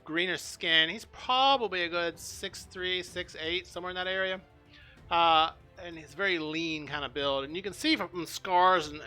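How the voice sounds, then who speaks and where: Man game master, hesitant narration, bright, fairly high voice. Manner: hesitant, full of fillers.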